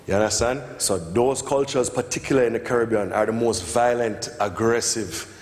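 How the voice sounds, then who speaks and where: A man from Jamaica speaking on stage in an interview lecture, animated and storytelling, acting out voices and often asking "you know what I mean". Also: fairly low pitch, moderate pace. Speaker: music producer guest. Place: lecture hall. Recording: long hall reverb, faint room ambience.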